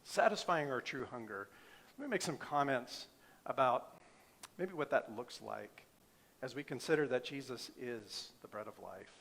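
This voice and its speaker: A man's voice: mid-range voice, expressive, normal speed, gravelly, fairly bright tone. A middle-aged male pastor preaching a sermon, emphatic, asking the congregation rhetorical questions.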